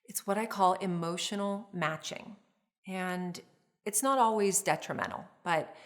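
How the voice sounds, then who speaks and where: A woman therapist teaching a course on relationships, speaking in a calm, measured, explanatory way with frequent small restarts. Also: lowish voice. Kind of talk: instructional talk to camera.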